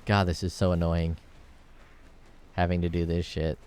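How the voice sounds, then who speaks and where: Deep smooth-voiced man narrating gameplay. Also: flat delivery, moderate pace, a little mellow. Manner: rambling, thinks aloud, joking and swearing. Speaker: gameplay video creator. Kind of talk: casual gameplay commentary.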